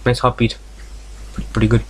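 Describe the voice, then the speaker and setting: A man's voice: medium pitch, monotone, normal speed, slightly rough. A man hosting a let's play, reading a visual novel aloud and breaking off into jokes, tangents and frequent swearing. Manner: reads story text aloud, stumbling over words.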